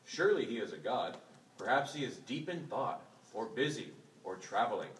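A man's voice: medium pitch, big pitch swings, moderate pace, a bit bright, a little hiss or hum. A man in a study group reading scripture aloud. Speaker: class member reading aloud. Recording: roomy, far from the mic.

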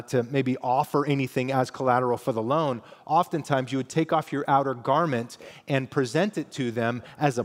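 A man's voice: medium pitch, big-room sound. A man preaching a sermon as pastor, teaching in a conversational way and reading scripture aloud with emphasis.

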